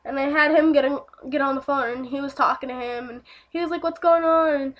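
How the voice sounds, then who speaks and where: High-voiced young woman telling a story. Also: steady tone, fast talker, fairly bright tone. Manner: rambling, heavy on fillers and swearing. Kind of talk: casual storytime vlog.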